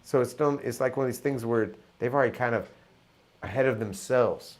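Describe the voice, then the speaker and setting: A middle-aged musician in casual conversation, talking reflectively and telling animated stories. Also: male voice, medium pitch, brisk. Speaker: musician guest.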